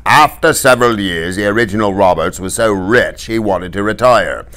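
A man voicing an older pirate captain who speaks briskly and commandingly. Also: fairly low pitch, fairly bright tone, close to an everyday voice. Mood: confiding. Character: jovial older male pirate captain, blunt.

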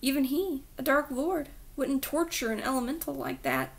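A woman's voice: high voice, wildly swooping pitch, normal speed, gravelly. A woman reading a children's book aloud with dramatic storytelling that dips into whispers.

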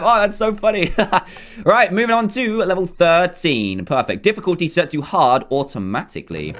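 A man's voice: on the high side, fairly bright tone. A young man doing playful, casual commentary over a video game, pleading and jokingly taunting. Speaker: gaming YouTuber.

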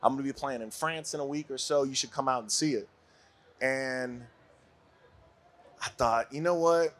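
A man in his forties from Brooklyn, a podcast guest telling a story in a casual, animated way and laughing often. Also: mid-range voice, moderate pace. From Brooklyn, USA.

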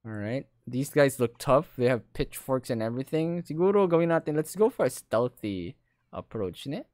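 A man giving casual, excitable let's-play commentary, swearing freely and switching languages. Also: medium pitch, moderate pace, no room sound. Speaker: gaming streamer.

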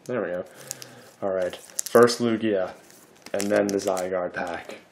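A man hosting a casual card-opening video, chatty and excitable as he reads out card names. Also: low-pitched, slow, slight background noise.

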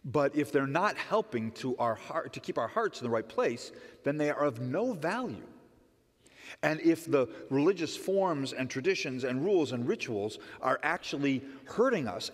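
A middle-aged man preaching a conversational sermon as pastor, often asking "right?" and swinging between loud emphatic lines and soft quiet ones. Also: medium pitch, very animated, moderate pace. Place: church sanctuary. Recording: long church reverb.

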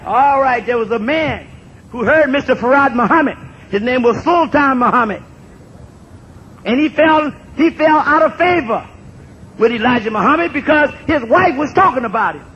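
A man in his sixties gives an impassioned public talk to an audience. He repeats phrases for emphasis and builds up to shouts. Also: expressive, moderate pace. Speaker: speaker addressing an audience. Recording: dull lo-fi recording with faint rumble.

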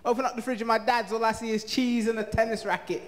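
Give me an animated stand-up comedian with a very high voice. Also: male voice, quick pace. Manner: animated, storytelling. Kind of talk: stand-up set.

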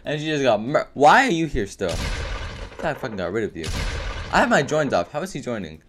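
A man narrating his own gameplay as it happens, swearing and trash-talking in an excitable way. His pitch swings widely from line to line, staying at a medium height. A faint hiss sits under his voice. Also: fairly quick. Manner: excitable, profane trash talk. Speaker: gaming video creator. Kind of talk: live gameplay commentary.

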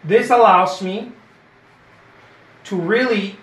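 High-voiced man teaching painting live. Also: slow pace, a bit bright. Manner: chatty, encouraging, repeats phrases, says "okay?" often. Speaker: painter giving a live demo. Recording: roomy echo.

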